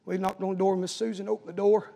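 A pastor preaching a sermon, telling stories and building to urgent appeals. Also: male voice, high voice, little pitch movement, very fast, gravelly, dark tone, in a large hall.

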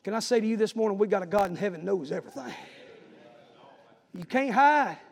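A preacher with a high, gravelly voice tells a story and then calls his flock forward with mounting urgency. His words ring out through a church hall with a long reverb. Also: lively intonation, brisk. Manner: storytelling and exhorting, building to urgent appeals. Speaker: pastor. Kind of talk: sermon.

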